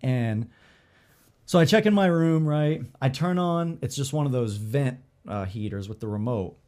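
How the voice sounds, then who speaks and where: A man co-hosting a podcast, telling a story in casual chat, animated, swearing freely and acting out the dialogue with lots of "like". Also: medium pitch, moderate pace. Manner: filler-heavy, lots of "like" and "I'm like".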